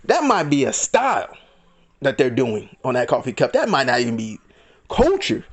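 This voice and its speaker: A male vlogger rants in heated, indignant commentary, acting out other people's lines in mock voices. His mid-range voice swings hugely in pitch, at a moderate pace.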